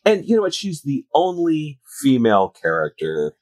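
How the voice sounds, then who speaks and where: A man co-hosting a podcast in casual chat, animated, often slipping into mocking voices. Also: medium pitch, normal speed, no echo. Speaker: podcast co-host.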